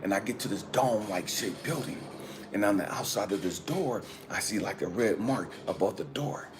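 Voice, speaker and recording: A man's voice: lowish voice, animated, normal speed, noisy background. Man telling an earnest spiritual story. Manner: earnest, emphatic, repeats phrases for emphasis. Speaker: spiritual coach and channel host.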